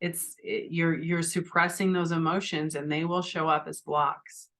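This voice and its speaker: A woman's voice: low voice, little pitch movement, measured pace, a bit bright. A middle-aged woman hosting a podcast, talking earnestly and from the heart, often restarting and asking "right?". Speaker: podcast host. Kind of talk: personal spiritual talk.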